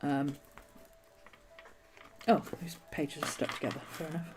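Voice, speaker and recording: A woman's voice: low voice, fairly even intonation, unhurried, over music. A woman hosting a casual journaling vlog, chatting in a meandering way with many restarts while a nagging cough keeps bothering her. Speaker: journaling video host. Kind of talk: casual rambling vlog chat.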